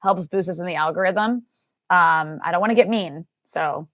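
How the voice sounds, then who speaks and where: A woman's voice: fairly low pitch, normal speed, a bit bright, dry recording. A woman co-hosting a political talk show, chatty and playfully scolding. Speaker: co-host.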